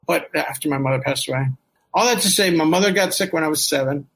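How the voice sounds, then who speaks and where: A man's voice: a little high, fast talker, a bit bright, slight background noise, low-quality recording. A middle-aged man candidly telling a personal story about his childhood, rambling with laughs and the odd curse. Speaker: storyteller guest.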